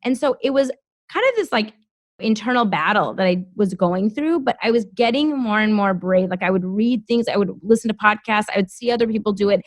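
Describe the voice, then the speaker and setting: A woman's voice: medium pitch, fairly quick, no room sound, studio quality. A woman in her thirties from the United States, a podcast guest telling her story in casual, chatty talk full of "like". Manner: chatty, heavy use of "like", animated storytelling. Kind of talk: casual interview chat.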